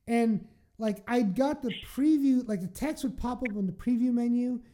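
Woman, mellow, fairly high voice, cussing, laughing storyteller in casual chat. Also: normal speed. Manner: animated, profane, laughing storyteller.

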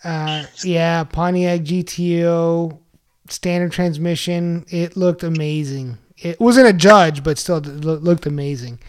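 A man in his forties, an animated and profane storyteller in casual chat. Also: on the high side, a little slow, clear, resonant tone.

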